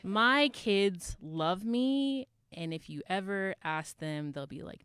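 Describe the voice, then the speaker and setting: Speaking into a stage mic at a live open mic, a female poet who co-directs the group mixes poetry with playful, self-deprecating stage banter. She talks slowly with few pauses in a mid-range voice that is a bit bright, clear and resonant.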